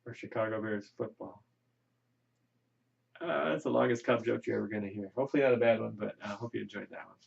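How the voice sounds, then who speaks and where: A man's voice: fairly low pitch, fast talker, gravelly. A man teaching an economics class in a chatty, folksy way, often checking in with "right?", recorded in a classroom on a lo-fi recording. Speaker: economics lecturer. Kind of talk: classroom lecture. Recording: lo-fi lecture recording.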